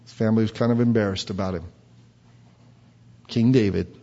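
Male preacher, mid-pitched, lively and questioning; muffled recording with long hall echo. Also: brisk. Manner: lively, quizzes the congregation, acts out quotes. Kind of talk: sermon.

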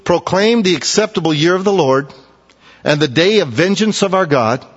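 A man preaching a sermon, telling folksy stories and switching between quiet asides and loud, emphatic points. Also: high-pitched, lively intonation, normal speed, big-room sound, muffled recording. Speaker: pastor.

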